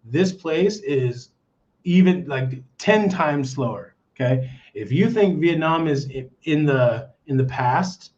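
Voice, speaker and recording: A man's voice: on the high side, lively intonation, takes it slowly, a little mellow. A man with an American accent hosting a casual livestream, rambling and checking in with his viewers with "okay?" and "all right?". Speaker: livestream host. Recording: dull lo-fi stream audio.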